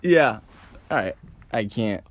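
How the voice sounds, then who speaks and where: A man's voice: lowish voice, animated, takes it slowly. A young man from Ohio co-hosting a podcast in casual chat, rambling and joking with frequent laughs. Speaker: podcast co-host.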